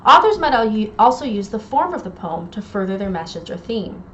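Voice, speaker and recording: Woman, English instructor, recorded lecture, clear explanations, dull lo-fi sound, faint hiss. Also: medium pitch, very animated, a little fast, a bit bright. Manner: clear explanatory delivery with quoted poem readings. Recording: dull lo-fi audio, faint noise.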